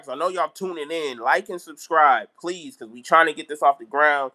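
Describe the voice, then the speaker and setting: Ranting man, high and bright. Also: normal speed. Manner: animated, repetitive ranting. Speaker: basketball vlogger. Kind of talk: live-stream sports rant.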